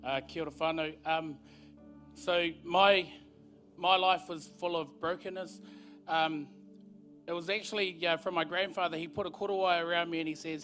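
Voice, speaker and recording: A man giving an earnest, halting testimony at a church service. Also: on the high side, fairly even intonation, a bit bright, soft background music. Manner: earnest, halting, repeats words as he speaks. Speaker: guest speaker sharing his testimony.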